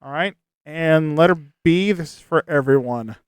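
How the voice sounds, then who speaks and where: A man hosts a game show in a high, light voice. He reads each prompt with upbeat cheer and laughs easily between the players' answers. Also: normal speed, smooth, dry recording. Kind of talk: hosting an online game show.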